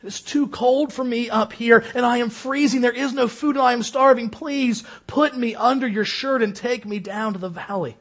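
A man voicing a sly, deceitful rattlesnake with a hushed, coaxing whisper as he tells a story in a sermon. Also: very high voice, moderate pace, hardly any pauses, pitched above the performer's own voice. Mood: pleading whisper.

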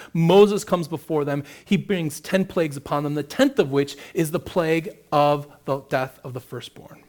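A man's voice: a little high, a little mellow. A man preaching a sermon, reading scripture aloud and then explaining it with rising emphasis. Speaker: pastor.

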